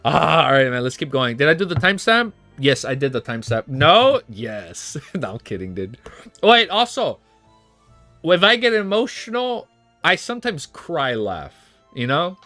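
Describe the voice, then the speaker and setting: A man livestreaming, chatting casually and reading aloud, excitable and laughing often, saying "dude" a lot. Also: on the high side, moderate pace, no echo, soft background music.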